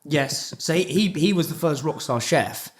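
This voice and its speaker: A man's voice: fairly high pitch, animated, moderate pace. A man hosting a podcast in casual chat, rambling, swearing, and saying "yeah" a lot. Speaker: podcast host.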